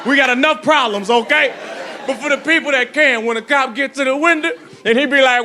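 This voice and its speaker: High-voiced man doing stand-up. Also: brisk, background noise. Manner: loud, animated, full of sound effects and put-on voices. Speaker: stand-up comedian. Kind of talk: stand-up comedy set. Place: comedy club stage. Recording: live club with crowd laughter.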